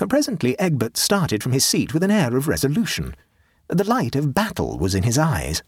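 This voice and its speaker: Husky male audiobook narrator. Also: mid-range voice, dry recording, studio quality. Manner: measured, expressive storytelling. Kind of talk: scripted narration.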